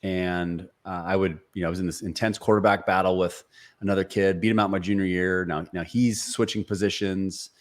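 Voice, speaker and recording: A very low-voiced man in his forties sits as a podcast guest. He tells stories in an earnest, motivational way, often restarting his sentences and leaning on fillers. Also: steady tone, fairly quick. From Seattle area. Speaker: podcast guest, sales speaker and author. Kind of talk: conversational storytelling interview.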